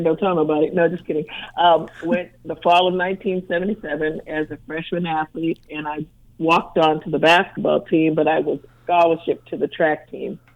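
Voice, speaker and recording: A woman's voice: low-pitched, phone-quality sound. Upbeat older woman with a Massachusetts accent. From Brockton, Massachusetts. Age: 60s. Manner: upbeat, storytelling, laughs easily. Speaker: motivational speaker and former teacher. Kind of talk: casual interview answers.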